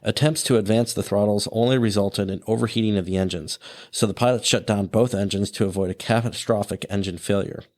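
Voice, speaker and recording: A man hosting a podcast, his voice sitting a little low. He narrates in a relaxed, conversational way, adding fillers and side remarks as he goes. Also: a little fast. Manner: casual, with fillers and asides. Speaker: podcast host.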